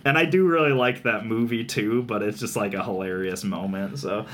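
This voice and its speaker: A man's voice: lowish voice, moderate pace, a bit bright, a little hiss or hum. Young male co-host, casual chat, chatty, laughs a lot, fillers. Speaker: podcast co-host. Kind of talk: casual chat about movie tropes.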